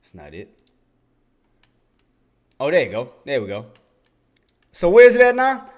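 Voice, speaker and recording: A man giving casual live commentary on his day trading, excitable and chatty, laughing with his chat and muttering to himself while he searches his screen. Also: high voice, a little slow. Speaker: day trader streaming live.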